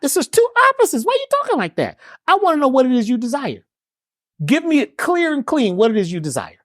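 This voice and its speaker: Extremely high in pitch, swinging hugely up and down, and fast, this interviewed guest is a spiritual healer and herbalist. He teaches emphatically and preacherly, loaded with rhetorical questions and slang; the clean studio audio has no room sound.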